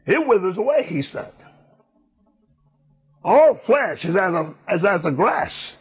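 A man's voice: high voice, very animated, takes it slowly, slightly rough. A man preaching a sermon, emphatic and repetitive in a folksy way.

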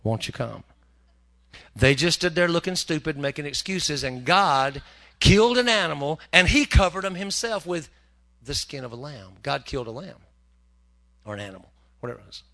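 Male preacher, folksy and joking, bright slightly high voice, acts out bits. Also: lively intonation. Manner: folksy, joking, acts out characters in quick asides. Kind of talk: humorous sermon.

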